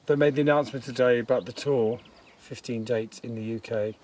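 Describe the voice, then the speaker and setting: A man's voice: medium pitch, fairly even intonation, brisk, a little mellow, a little hiss or hum. A man and band frontman chatting casually in a recording studio, camp and sardonic, full of dry wisecracks.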